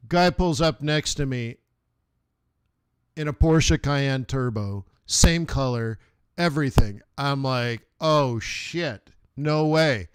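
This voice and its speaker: Chatting casually on a live stream, an American forex trading stream host tells rambling car stories and laughs at his own anecdotes. He speaks slowly in a smooth, mid-range voice, and the studio-quality audio has no echo.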